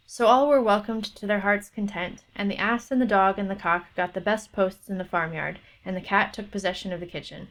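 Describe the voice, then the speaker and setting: A woman narrating a fairy tale aloud on a book club stream in a steady storytelling manner. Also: mid-range voice, fairly quick, few pauses.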